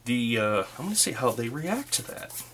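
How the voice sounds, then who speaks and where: A man's voice: medium pitch, sing-song, normal speed, a bit bright, slight background noise. A man narrating a solo tabletop roleplaying game in a casual way, thinking aloud and using fillers.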